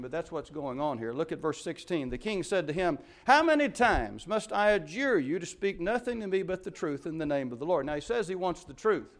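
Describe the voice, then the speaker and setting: A man preaching with urgent emphasis, his voice sitting somewhat high for a man. He moves between soaring, loud declarations and quiet, low asides as he works through the text. It is a pastor's sermon delivery. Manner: emphatic preaching with wide swings in loudness.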